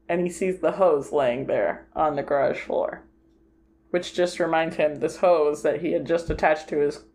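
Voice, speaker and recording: A woman's voice: low-pitched, a little mellow. A woman co-hosting a podcast, chatting casually about a film and retelling its scenes with lots of "like" fillers. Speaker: podcast co-host.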